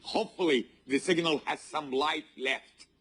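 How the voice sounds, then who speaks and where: A man's voice: fairly high pitch, moderate pace, fairly bright tone, slightly rough. A male university professor giving a classroom lecture, constantly asking the students to fill in the answer and checking whether they follow. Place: lecture hall.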